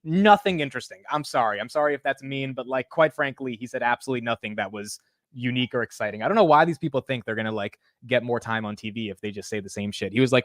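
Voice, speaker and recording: A man hosting a casual livestream of market commentary, animated and blunt, swearing casually. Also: mid-range voice, fast talker, no echo, clean studio sound. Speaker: host.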